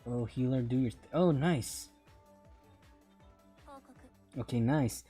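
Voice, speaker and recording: A man's voice: medium pitch, slow pace, dark tone, faint music behind. A man streaming a mobile game, rambling through casual commentary and often repeating himself.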